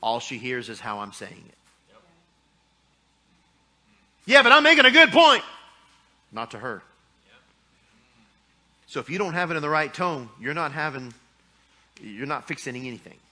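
A man's voice: mid-range voice, moderate pace, long pauses, sharp tone. A middle-aged man preaching a sermon in a folksy, joking way, acting out little scenes from married life. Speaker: pastor.

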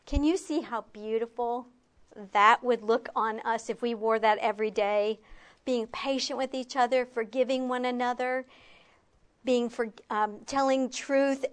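A woman giving a conversational Bible teaching at a retreat, with self-mocking asides, slowing and softening on key points. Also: fairly high pitch, steady tone, clean tone. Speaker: retreat speaker.

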